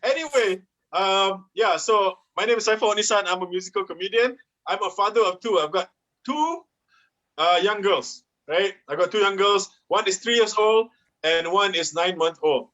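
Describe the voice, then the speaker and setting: A man's voice: high voice, moderate pace, a bit bright, dull audio. A man in his thirties with a Malaysian English accent doing a chatty stand-up comedy set and laughing at his own jokes. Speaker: musical comedian.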